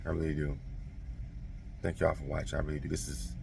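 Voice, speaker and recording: A man casually telling a childhood story to his viewers, animated, profane and self-mocking. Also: a bass voice, a little fast, creaky, distant mic, slight background noise.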